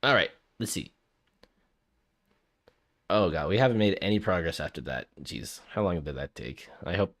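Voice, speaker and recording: This visual novel streamer has a low, expressive, slightly bright voice and speaks at normal speed with long pauses. He reads the narration aloud and talks with his viewers, flustered and given to repetition.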